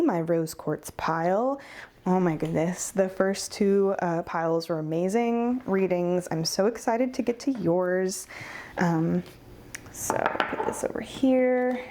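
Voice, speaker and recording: Woman, tarot reader, warm mellow tone, earnest, encouraging, faint room hum. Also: medium pitch. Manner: earnest and encouraging, speaks straight to the viewer. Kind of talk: pick-a-card tarot reading.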